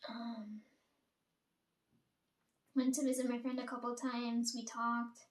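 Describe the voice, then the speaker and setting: A woman's voice: fairly high pitch, level tone, slow pace. A young woman telling a rambling, casual story about her life, swearing freely and acting out what others said to her. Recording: roomy echo, distant from mic.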